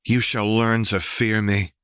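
A stern vengeful Wraith speaks in a deep, measured voice, as a male narrator voices him. Each threat comes slow and solemn. The sound is close and dry. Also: flat delivery, fairly bright tone, clean tone, dry recording. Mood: menacing.

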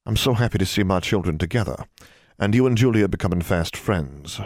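Man doing stern wizard father, secretive, formal, measured, deep low voice, dry close sound. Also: expressive, a little mellow, no room sound.

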